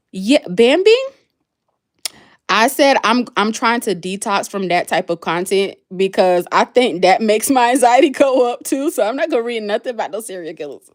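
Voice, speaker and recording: Woman, livestream host, casual chat, answers viewer comments, animated pitch. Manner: chatty, reads and answers comments aloud.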